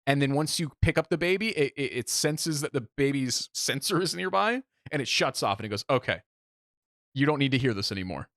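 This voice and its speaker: A man in his twenties co-hosting a casual podcast, ranting and joking in an animated way. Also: mid-range voice, fairly quick, no room sound, clean studio sound. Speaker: podcast co-host. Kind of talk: casual chat.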